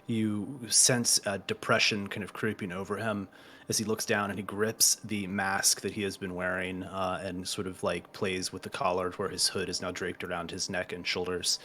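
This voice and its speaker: A man running a tabletop game as game master, narrating in a low-key, hesitant way with many pauses. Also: flat delivery, sharp tone, a little hiss or hum.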